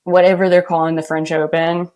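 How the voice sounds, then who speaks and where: A woman hosting a podcast, talking in an easy, casual way with lots of animation. Her voice sits a little low for a woman, and she laughs often as she goes. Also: little pitch movement, brisk, darkish tone, dull audio. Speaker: podcast host. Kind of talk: casual chat.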